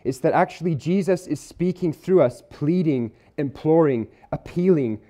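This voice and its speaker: Earnest man preaching, mellow voice. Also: on the high side. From Isle of Man or UK. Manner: earnest, conversational, slows to stress key words. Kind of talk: sermon. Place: church hall.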